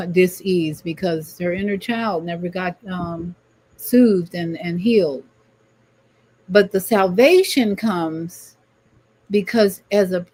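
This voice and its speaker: A woman's voice: mid-range voice, a little mellow. Preachy woman hosting a livestream talk. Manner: preachy, emphatic, repeats words. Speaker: livestream host. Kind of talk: spiritual talk show monologue.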